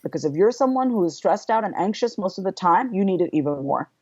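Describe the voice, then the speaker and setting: A woman guest on a podcast talking candidly in an animated way, acting out her inner voices. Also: medium pitch, fast, dry recording, dull audio. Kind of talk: candid interview talk.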